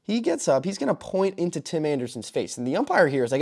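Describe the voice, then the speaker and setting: Excitable young man recapping baseball. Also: fairly high pitch, quick pace. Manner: excitable, breaks into loud exclamations. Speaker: host. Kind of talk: excited sports recap commentary.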